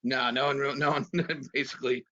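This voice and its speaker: Bright jersey guy in his 50s rambling about old ball days, muffled call audio. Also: medium pitch, steady tone, fairly quick. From New Jersey. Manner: rambling, many fillers, chuckles often. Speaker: former pitcher, guest. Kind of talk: casual reminiscing chat. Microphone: video call. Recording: dull video-call audio.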